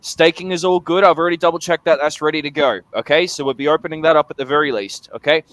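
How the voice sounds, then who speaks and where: An Australian man with a fairly high voice talks in a blunt, easygoing way, dropping swear words and laughing easily. The recording is close and dry, with no room sound. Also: quick pace, a bit bright, no room sound. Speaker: crypto project developer. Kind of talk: casual video call chat.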